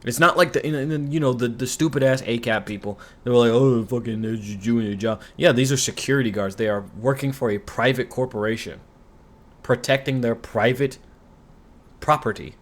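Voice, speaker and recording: A man's voice: medium pitch, normal speed. A man recapping a TV show in a rambling, profane, sarcastic rant, full of asides and complaints. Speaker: commentary YouTuber.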